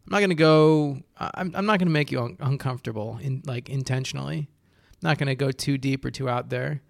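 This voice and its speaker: A man's voice: medium pitch, fairly quick, vocal fry, dry recording, studio quality. A young man hosting a casual solo podcast from indoors at home, talking in a rambling, self-mocking way with frequent restarts. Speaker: podcast host. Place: indoors at home with a heater running.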